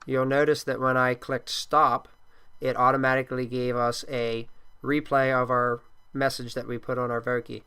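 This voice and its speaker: A man speaking into a computer microphone as he steps through a software tutorial. His voice is smooth and clear, and it stays level with little rise and fall. He sounds like a teacher giving plain, steady instructions. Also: medium pitch, normal speed. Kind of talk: screen-recorded software tutorial.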